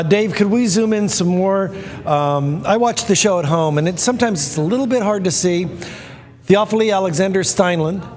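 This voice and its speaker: A man hosting a live art auction, presenting a painting in a chatty, enthusiastic storytelling way. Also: a little high. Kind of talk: presenting artwork on live stream. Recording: echoey hall with long reverb.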